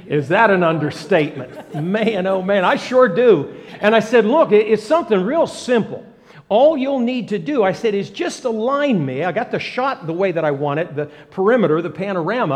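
A man preaching and telling a story, animated, often repeating words and bursting into excitement. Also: high voice, big-room sound. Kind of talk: sermon storytelling.

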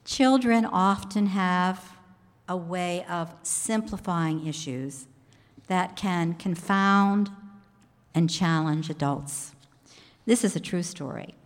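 A woman pastor preaching a sermon in a church sanctuary, telling stories in a measured way with pauses. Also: on the low side. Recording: echoey hall reverb.

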